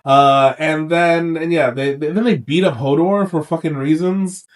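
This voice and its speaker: A man co-hosting a casual podcast recap while sick, talking in an animated way, swearing and acting out characters in quick silly voices. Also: fairly high pitch, recorded from a distance. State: sick for days. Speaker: podcast co-host.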